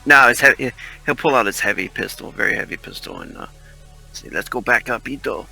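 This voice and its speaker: Gravelly bright-voiced guy at a tabletop game, casual. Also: mid-range voice, brisk, soft background music. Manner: offhand, talks through his character's moves. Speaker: player.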